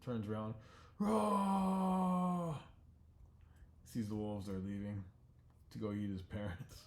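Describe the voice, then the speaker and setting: A man casually retelling an animated scene he storyboarded, in a loose, relaxed way with offhand asides. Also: on the low side, normal speed. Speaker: storyboard artist. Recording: echoey room.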